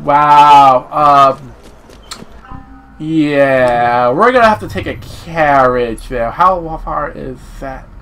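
A young man giving excitable let's-play commentary, swearing, laughing and yelling apologies over game audio. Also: fairly high pitch, very slow, faint music behind. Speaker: gaming channel host.

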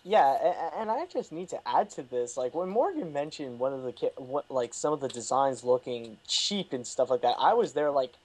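A man's voice: mid-range voice, big pitch swings, moderate pace, hardly any pauses, a little mellow. A man guesting on a casual film podcast, rambling with many "like"s as he explains. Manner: filler-heavy, rambling, many "like"s.

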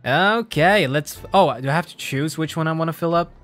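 A man's voice: on the high side, moderate pace, fairly bright tone, soft background music. A man streaming a video game, laughing often and reading the game text aloud.

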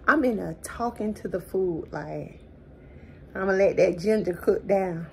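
With a creaky, mid-range voice and a slightly slow pace, a woman hosts a casual cooking vlog in her home kitchen. She chats, cracks jokes, and laughs at them, and the distant mic catches steady background noise.

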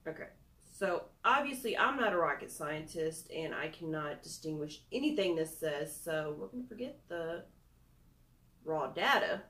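A woman's voice: low voice, lively intonation, moderate pace, a bit bright. Chatty young woman in a roomy space. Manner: chatty, self-deprecating, giggly asides. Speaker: product reviewer. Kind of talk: casual screen-recorded review.

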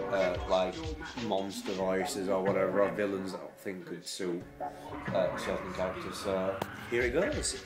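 A man's voice: deep voice, roomy sound, rough recording. A man with a Yorkshire accent chatting in a rambling, self-deprecating way as a vlogger. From Yorkshire, England. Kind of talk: casual chat.

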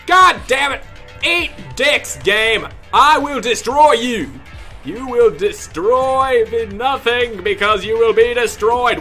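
A man with a high, very bright voice rants through gameplay commentary, swearing and yelling at the game, then drops to low muttering. He talks at an unhurried pace, with faint music behind him. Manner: ranting, yelling and cursing at the game; mutters low under his breath between outbursts. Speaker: gaming video creator.

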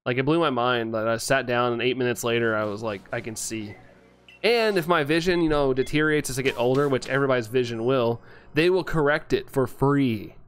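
A man's voice: medium pitch, brisk, clean tone. A young man chatting casually as a game streamer, rambling with lots of fillers and often laughing. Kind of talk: casual chat while playing, reading chat.

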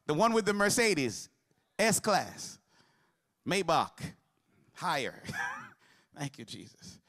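A man's voice: a little high, sing-song, takes it slowly, a bit bright. A man preaching a sermon as pastor, mixing humor with call-and-response to the congregation.

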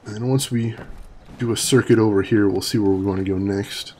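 A man's voice: on the low side, steady tone, normal speed, darkish tone, slight background noise. A man casually commenting on his game while chatting with viewers and laughing often. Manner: chatty, reads chat aloud, laughs often. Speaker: gaming streamer. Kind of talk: casual let's-play commentary.

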